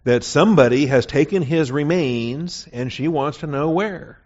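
A man teaches a verse-by-verse Bible lesson conversationally, often checking in with his listeners. His voice is on the high side with a darkish tone and moderate pace, captured in a dull, lo-fi recording.

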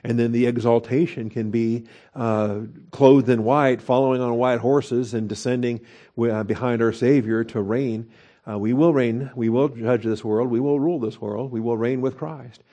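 A man's voice: medium pitch, steady tone, normal speed, warm tone. A man teaching a verse-by-verse Bible study in a conversational way, with fillers and rhetorical questions.

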